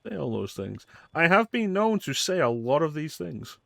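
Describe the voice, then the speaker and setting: A man's voice: fairly high pitch, very animated, normal speed, creaky, fairly bright tone, dry recording, studio quality. A man streaming a video game, giving casual, crude, joking commentary from a desk mic at home.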